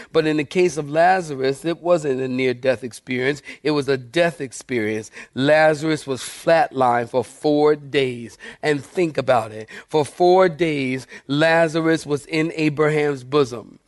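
A middle-aged man preaching a sermon as pastor, animated and talking straight to his congregation. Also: fairly high pitch, no echo, clean studio sound.

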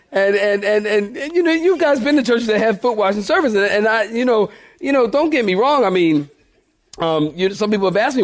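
A man pastor, telling funny church stories to his congregation in a sermon. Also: sits high. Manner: playful, laughing often, talks to the congregation. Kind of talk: humorous storytelling sermon.

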